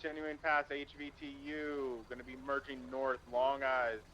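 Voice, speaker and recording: A man's voice: medium pitch, level tone, normal speed, fairly bright tone, dull audio, a little hiss or hum. A man giving clipped, procedural police radio callouts in a roleplay game.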